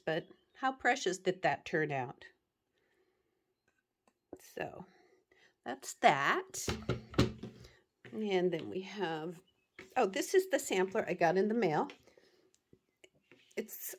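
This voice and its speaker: A middle-aged woman chatting casually as she shows her stitching and quilts, gentle and rambling, with soft laughs and fillers. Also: mid-range voice. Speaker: cross-stitch shop owner and vlog host. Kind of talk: casual show-and-tell chat.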